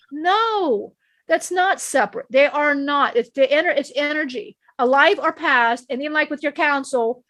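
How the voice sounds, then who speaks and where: Woman channeling some ancient divine guy, high voice, preachy and repeats itself a lot, dry close sound. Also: fairly bright tone, no room sound. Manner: repetitive, emphatic, preachy, with many restarts. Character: ancient male divine being, calm teacher. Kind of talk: channeled spiritual teaching.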